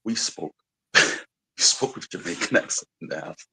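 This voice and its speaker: A low-pitched, expressive male voice at a moderate pace, creaky, pushed and bright, with husky grain on a rough recording. He's a musician from London, England, with a slight American twang, reflecting as a guest in a casual radio interview and rambling with plenty of "you know" and "like."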